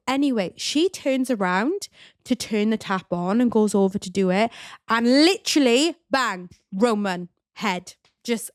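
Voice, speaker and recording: A woman, telling a personal story in a chatty, animated way with lots of "like" and "you know". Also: fairly high pitch, a little slow, no echo, studio quality. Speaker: podcast host. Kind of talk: casual storytelling monologue.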